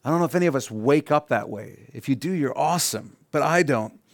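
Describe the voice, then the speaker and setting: A middle-aged man preaching a sermon as pastor, rising to emphatic peaks and dropping to quiet asides. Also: mid-range voice, expressive, brisk, dry recording, clean studio sound.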